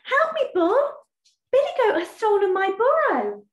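A woman's voice: very high voice, sing-song, a little slow, highs cut off, pitched above the performer's own voice, full character voice. A woman voicing a polite male badger who urgently begs for help in a storybook reading. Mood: pleading. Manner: pleading and urgent. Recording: echoey room.

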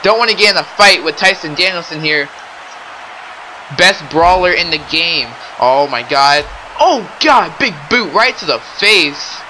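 A young man doing excitable play-by-play wrestling commentary, often exclaiming and addressing the audience. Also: fairly high pitch, measured pace, a little hiss or hum, low-quality recording. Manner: excitable, keeps exclaiming and saying ladies and gentlemen.

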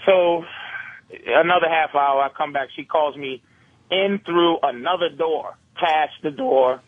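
A man guesting on a radio talk show by phone, telling a comic story in an animated, profane way and laughing through it. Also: a little high, a little slow, narrow, tinny audio. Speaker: comedian guest calling in.

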